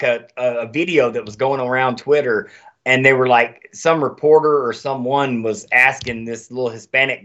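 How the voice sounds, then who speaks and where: Man ranting on a podcast, lively swooping voice, swears a lot, dull lo-fi sound. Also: mid-range voice. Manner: animated, profane ranting. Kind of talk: casual chat.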